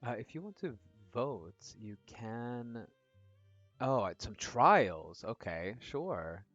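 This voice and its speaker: A man's voice: medium pitch, expressive, takes it slowly, fairly bright tone, no room sound. A man streaming a game, chatting casually with his viewers in a rambling way. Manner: chatty, rambling, frequent fillers and laughs. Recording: dull lo-fi audio with faint music.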